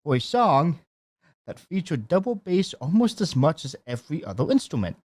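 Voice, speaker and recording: A man co-hosting a podcast in a studio, telling stories in a casual, animated way and laughing often. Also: on the high side, normal speed. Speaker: podcast co-host. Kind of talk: casual chat.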